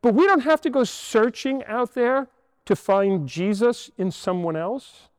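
A man's voice: high voice, a little slow, darkish tone, no echo, long reverb tail. A man in his sixties, a priest, telling a story in a homily to children and asking them rhetorical questions. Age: 60s. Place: church.

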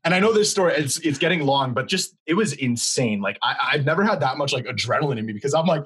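Fast and husky, a young man's mid-range voice comes through poor audio as he co-hosts a podcast. Chatting casually, he relates a story with animated delivery, acting out the quotes.

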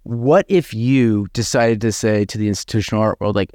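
A man's voice: lowish voice, normal speed, few pauses, darkish tone, no room sound, studio quality. A man hosting a podcast interview, asking long rambling questions full of "I mean" and "like". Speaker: podcast host.

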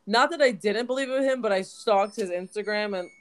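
A woman's voice: mid-range voice, fairly quick. A woman co-hosting a podcast, telling a story in casual chat, full of "like" fillers. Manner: chatty storyteller, many "like" fillers. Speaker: podcast co-host.

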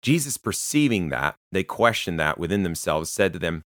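A man's voice: lowish voice, animated, a little fast, hardly any pauses, bright, forceful tone, dry recording, studio quality. A man preaching a sermon in earnest, plain-spoken Bible teaching with rhetorical questions.

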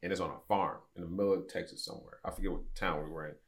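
This is a man in his fifties with a deep, low voice, telling a long story on a podcast. He chats casually and acts out the people in it with quick shifts of voice. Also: fairly even intonation. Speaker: podcast guest.

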